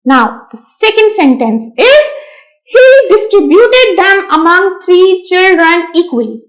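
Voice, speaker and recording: A woman with a very high voice teaches young children a lesson. She goes slowly and stresses each key word, often saying it twice, and talks straight to her students. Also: very animated, rough recording. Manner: slow, emphatic, repeats key words; addresses listeners as dear students.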